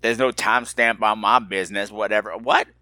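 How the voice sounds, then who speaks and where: A man's voice: on the low side, fairly even intonation, a little fast, sharp tone, no echo, clean studio sound. A man hosting a solo podcast, talking in a campy, flirty, self-mocking way and reading listener emails. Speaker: podcast host. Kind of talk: casual solo podcast chat.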